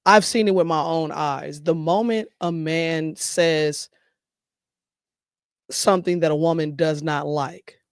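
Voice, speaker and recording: Woman podcast host, blunt and animated, dry close mic. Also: low-pitched, slow pace, clear, resonant tone, dry recording. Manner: blunt, animated, speaks with conviction. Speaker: show host. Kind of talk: casual podcast chat.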